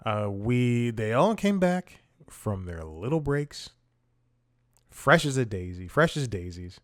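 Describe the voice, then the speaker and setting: A man's voice: lowish voice, very animated, slow. A man hosting a casual comedy recap show, telling stories in a rambling, self-interrupting way. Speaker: host.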